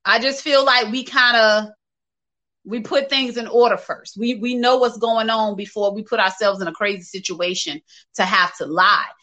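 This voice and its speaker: A woman's voice: medium pitch, fairly even intonation, normal speed, bright, forceful tone, low-quality recording. A woman hosting a casual livestream, reading viewer comments and talking candidly and directly to her viewers, laughing often. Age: adult, working age.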